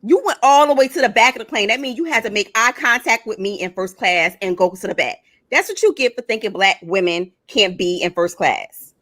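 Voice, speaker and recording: A woman's voice: mid-range voice, expressive, brisk, fairly bright tone. A woman co-hosting a casual talk show, telling a story in a blunt, brash way. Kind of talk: casual chat.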